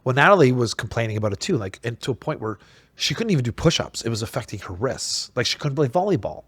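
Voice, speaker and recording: A man hosting a casual podcast chat, telling stories in an animated, emphatic way with many restarts. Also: mid-range voice, quick pace, breathy edge, no room sound. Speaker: podcast host.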